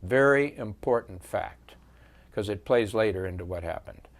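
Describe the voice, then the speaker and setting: A seventy-something veteran, being interviewed, tells measured stories from the war with many pauses along the way. His voice lies on the low side.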